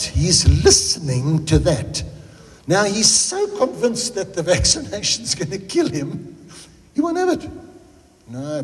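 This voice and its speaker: This is a South African pastor whose voice runs on the high side, heard with a big-room sound. He preaches in a chatty, joking way and often wanders into tangents.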